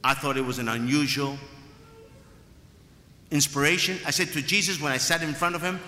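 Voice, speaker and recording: A man's voice: a little high, moderate pace, pushed and bright. A man preaching a sermon as a priest, emphatic and fond of repeating his phrases. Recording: echoey hall with long reverb.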